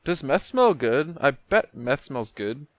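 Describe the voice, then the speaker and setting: A man's voice: mid-range voice, big pitch swings, takes it slowly, no echo. A man co-hosting a podcast, telling blunt, crude jokes and stories. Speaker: podcast co-host. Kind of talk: crude comedic banter.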